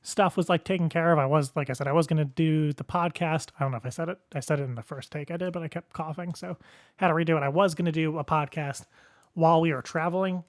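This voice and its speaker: A man's voice: on the high side, steady tone, fast, no echo, studio quality. A young man hosting a podcast alone, telling a rambling story in casual chat, often chuckling at himself. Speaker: podcast host.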